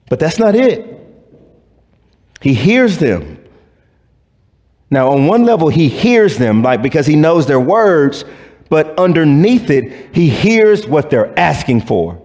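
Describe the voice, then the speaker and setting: A man preaching a sermon as pastor, talking to his congregation casually, acting out voices and dropping from loud and high to hushed and low. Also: big pitch swings, slow pace, in a large hall.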